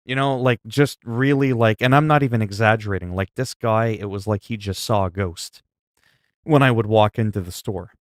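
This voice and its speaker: Low-voiced man laughing through a story. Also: no echo. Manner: laughing, storytelling, halting restarts. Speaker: livestreamer. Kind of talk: casual chat with viewers.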